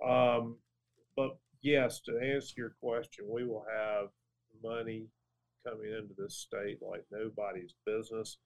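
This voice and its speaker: A man's voice: lowish voice, flat delivery, a little slow, low-quality recording. A middle-aged man from Georgia, a professor giving an interview. He explains at length and often restarts his phrases. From Georgia, USA. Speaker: political science professor, guest. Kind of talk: conversational interview.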